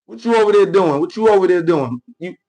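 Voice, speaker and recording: New man, high voice, slangy, combative commentary host who repeats himself for emphasis. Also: quick pace, low-quality recording. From New York. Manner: animated, repetitive, slangy and confrontational. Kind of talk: unscripted political commentary.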